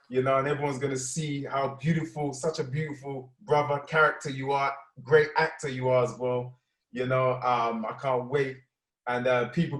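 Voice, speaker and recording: A man's voice: a little high, distant mic. Effusive British man on an echoey call. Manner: upbeat, effusive, heavy on slang. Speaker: host. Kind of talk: casual video-call interview. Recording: echoey room, away from mic.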